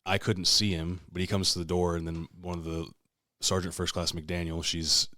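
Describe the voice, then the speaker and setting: Low-voiced profane man. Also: normal speed, no room sound. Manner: profane, animated storyteller acting out quotes. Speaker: podcast co-host. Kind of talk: casual storytelling chat.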